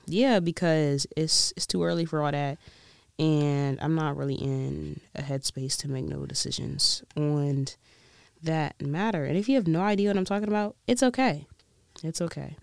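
A woman's voice: deep voice, vocal fry, clear, resonant tone, no room sound. Woman vlogger chatting away, laughs a lot, bad fake british accent, dry mic. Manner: chatty, rambling, laughs often; tries a weak British accent. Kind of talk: casual chat.

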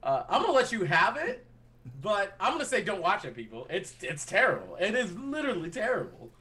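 A man's voice: high-pitched, huge pitch swings, fairly quick, sharp tone. A man co-hosting a casual movie podcast, giving blunt, emphatic opinions and repeating points for effect. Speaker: podcast co-host.

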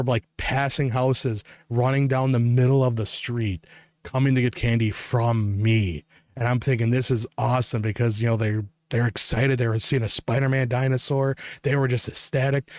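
A man's voice: medium pitch, steady tone, moderate pace, dry recording. A young man hosting a podcast, telling a long story in casual, rambling chat full of filler words. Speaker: podcast host.

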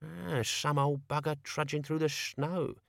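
A man voicing a grumpy old male servant who frets and complains in rough everyday speech. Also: a little high, flat delivery, unhurried, dry recording, clean studio sound, voice pushed up. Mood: complaining.

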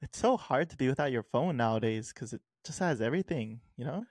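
A young man with a medium-pitched voice talks through his routines in a relaxed podcast chat. He is easygoing and thoughtful, and quick to tease his co-host. The recording is dry and close. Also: no echo. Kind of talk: casual chat.

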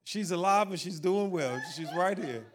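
Lively, higher-voiced man preaching. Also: moderate pace. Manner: animated and humorous, addressing the congregation. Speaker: pastor. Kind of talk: sermon.

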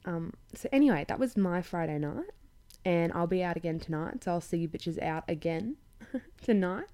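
A woman's voice: on the low side, expressive, moderate pace, dark tone. A young Australian woman hosting a podcast, telling a night-out story in blunt, sweary casual chat with laughing asides. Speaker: podcast host.

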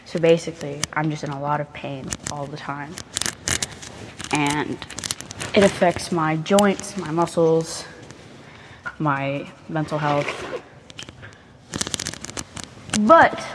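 A woman's voice: low voice, slow pace, pauses often, noisy background. A young woman chatting casually in a crafting vlog while painting on her bed, rambling, profane and self-mocking, close to the mic. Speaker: vlogger.

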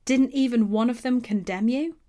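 Woman reading as Jesus, earnest and measured. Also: on the high side, warm tone, pitched above the performer's own voice, natural voice. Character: Jesus, calm grown male teacher. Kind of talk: Bible reading.

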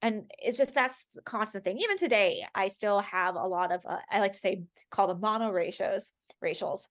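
A woman's voice: mid-range voice, moderate pace. A woman from Los Angeles, a guest on an interview podcast, speaking emphatically and acting out what others said to her. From Los Angeles, USA. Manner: emphatic storytelling, acting out quoted remarks. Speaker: podcast guest, actor and activist. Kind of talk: conversational interview.

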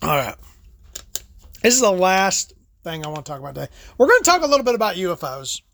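A woman's voice: on the low side, sing-song, fast talker, a bit bright. A woman hosting a casual, rambling monologue, talking loosely and swearing freely as she stops to smoke and sip a drink. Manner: rambling, profane, laid-back storytelling; smoking and sipping between topics.

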